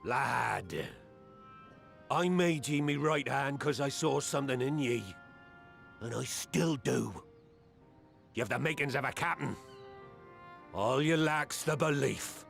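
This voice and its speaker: An actor playing a grizzled old pirate captain in a game cutscene, speaking in a gravelly, rolling pirate manner with booming declarations. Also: male voice, animated, slow, long pauses, a bit bright, faint music behind, heavily acted. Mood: fatherly.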